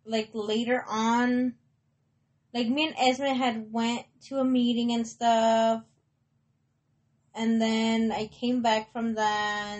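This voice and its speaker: Slow-talking young woman telling a story. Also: fairly high pitch. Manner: rambling, heavy swearing, many likes and restarts; mixes Spanish words into English. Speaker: podcast host. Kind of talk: casual personal storytelling.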